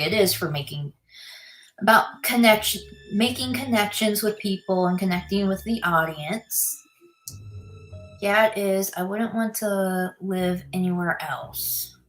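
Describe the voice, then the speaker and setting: On a livestream, a woman with a lowish, slightly bright voice chats casually, answering viewer comments and muttering to herself as she builds. Music plays beneath her voice.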